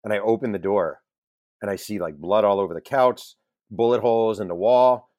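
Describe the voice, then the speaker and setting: A man with a very low voice, recorded dry and close with no room sound, tells anecdotes from his career in a chatty interview. He jumps into his stories with energy, laughs at his own mistakes and swears casually. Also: moderate pace, no room sound. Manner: animated anecdotal storyteller, self-deprecating, swears casually. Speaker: guest journalist and author.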